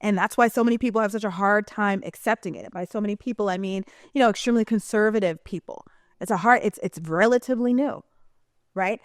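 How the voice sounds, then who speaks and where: A woman's voice: mid-range voice, fast, no room sound, studio quality. A woman talking in a casual vlog monologue, chatty, colloquial and emphatic. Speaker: vlogger.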